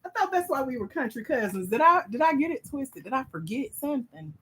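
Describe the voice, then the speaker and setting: A woman with a Southern US accent hosting a livestream, teasing and hyping up her viewers in playful, animated chat. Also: high voice, fairly quick, slight background noise. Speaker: livestream host and grant mentor.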